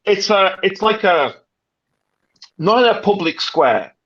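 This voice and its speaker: A British man in casual livestream chat, talking in an animated, dramatic, rambling way with many restarts. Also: high-pitched, slow pace, no echo, highs cut off. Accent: British English. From Britain. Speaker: livestream panelist.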